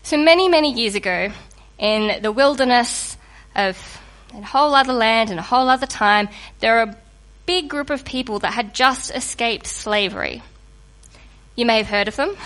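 A woman giving a sermon to a congregation in a lively, conversational and humorous way, just getting over a cold. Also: on the high side, normal speed. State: recovering from a cold. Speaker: preacher.

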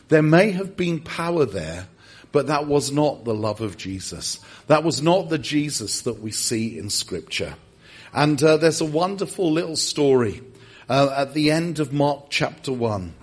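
Husky-voiced man preaching. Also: a little high, a little slow. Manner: storytelling with animated asides and self-correcting restarts. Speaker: guest preacher. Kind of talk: sermon.

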